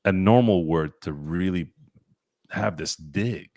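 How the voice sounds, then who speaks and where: A man's voice: deep voice, takes it slowly, darkish tone, dry recording, studio quality. A man co-hosting a casual sports podcast, ranting bluntly and opinionatedly, with casual swearing. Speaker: podcast co-host.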